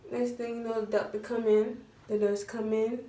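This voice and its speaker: A young woman vlogger telling a casual storytime in an animated, dramatic way, full of slang. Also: fairly high pitch, normal speed. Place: at home, doing her hair while talking. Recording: roomy echo from a distance, faint background hum.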